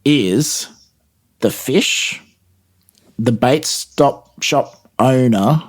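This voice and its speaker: A man co-hosting a casual podcast, talking in a wry, deadpan way. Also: mid-range voice, drawn-out words, slightly rough. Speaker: podcast co-host. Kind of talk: casual chat.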